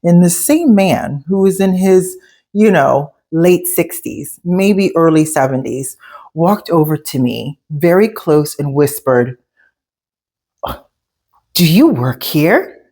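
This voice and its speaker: A woman with a low, grounded voice talks through a personal experience. She tells it candidly and conversationally, pressing emphatically on the moments that matter as she draws out the lesson. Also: slow pace, dark tone. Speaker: speaker sharing life lessons. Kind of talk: personal storytelling monologue.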